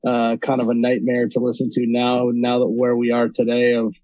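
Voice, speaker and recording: A man's voice: medium pitch, moderate pace, no room sound, dull audio. A man from North Dakota, a guest on a podcast, talking casually about his video channel with many ums. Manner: relaxed, with many ums and restarts. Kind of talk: casual interview talk.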